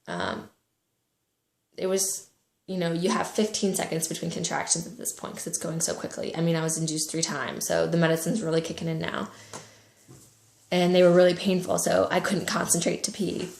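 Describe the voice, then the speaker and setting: A young woman in her twenties telling a personal story to camera, soft-spoken and halting, with many pauses and fillers. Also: fairly low pitch, fairly even intonation, gravelly, echoey room. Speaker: vlogger.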